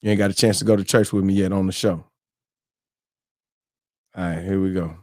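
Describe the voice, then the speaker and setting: A man's voice: low voice, steady tone, a little fast, darkish tone, no room sound, studio quality. A man, hosting a live morning stream in loose, joking casual chat full of slang and fillers.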